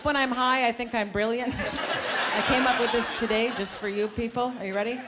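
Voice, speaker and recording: A woman's voice: fairly high pitch, fairly even intonation, very noisy. A woman from Canada doing a brash, self-mocking stand-up set on a club stage. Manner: brash, self-mocking punchlines with pauses for laughs. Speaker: stand-up comedian. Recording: live club recording with loud crowd. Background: laughing audience.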